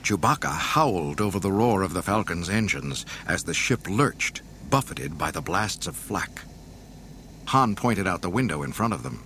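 A man with a fairly low voice narrates a storybook, his pitch rising and falling with lively drama. A faint hiss sits under the recording. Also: moderate pace. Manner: dramatic, expressive reading.

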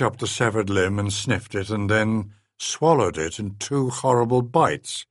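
A man giving a measured, dry first-person audiobook narration into a close studio mic. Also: on the low side, no echo.

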